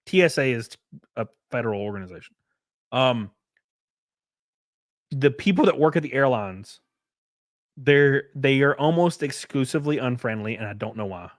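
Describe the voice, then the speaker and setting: A man chats on his livestream in a loose, profane rant, and his pitch swoops up and down as he mimics the people he describes. His voice sits in an ordinary middle register. The sound is dry and close, with no room echo. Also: normal speed, pauses often. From United States. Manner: animated, profane ranting with mocking quoted voices. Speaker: streamer host. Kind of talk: casual livestream chat.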